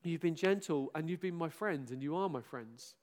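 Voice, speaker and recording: A middle-aged pastor, his voice a little high and his speed normal, says goodbye to his church in an animated, self-mocking address. Loud exclamations and laughter keep breaking through.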